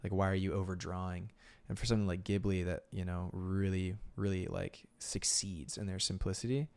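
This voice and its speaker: Laid-back streaming illustrator, lowish voice. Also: male voice, fairly quick, creaky, clean tone. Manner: relaxed, rambling, many "like"s and filler words. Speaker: illustrator streaming his sketching. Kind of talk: casual chat while drawing on stream.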